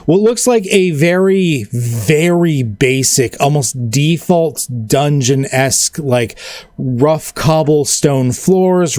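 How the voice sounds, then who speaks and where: A man running a tabletop game, describing scenes loosely and loosely piling on "like" as he goes. His voice sits in an ordinary middle pitch. The sound is dry and close to the mic. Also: darkish tone, no room sound. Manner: rambling, casual, many "like" fillers. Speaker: game master.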